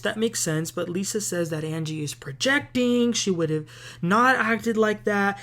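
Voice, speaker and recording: A woman's voice: fairly low pitch, fairly bright tone. A woman hosting a casual TV recap, chatty and opinionated, with plenty of filler words. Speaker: host.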